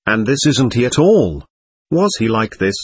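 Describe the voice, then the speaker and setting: A husky-voiced man reading the lines of a passionate, quick-tempered young woman in an audiobook. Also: medium pitch, sing-song, dry recording. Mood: furious. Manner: furious, cutting.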